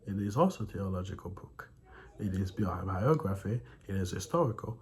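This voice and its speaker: A man's voice: sits low, lively intonation, brisk, darkish tone. A man hosting a Bible study series, reading a book aloud and breaking off to mock the text with laughs and sighs. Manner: laughs and sighs between passages. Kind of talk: reading aloud with running commentary.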